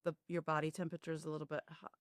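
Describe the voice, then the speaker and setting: A woman hosting a podcast, asking questions attentively with soft mm-hmms. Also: low-pitched, little pitch movement, racing, no echo, clean studio sound. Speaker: podcast host. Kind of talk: interview questions.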